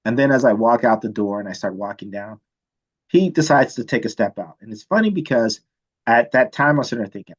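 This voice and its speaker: A man teaching chemistry, telling a story from his student days in a casual, animated way and checking in with "right?" often. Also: medium pitch, fairly quick, breathy edge, lo-fi sound. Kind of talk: storytelling lecture.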